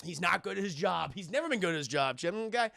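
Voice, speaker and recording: A man in his thirties doing a live spoiler film review, talking to his viewers in an animated, profane way. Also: high voice, fast talker, gravelly, no echo, studio quality. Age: 30s. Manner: animated, profane, laughs while retelling.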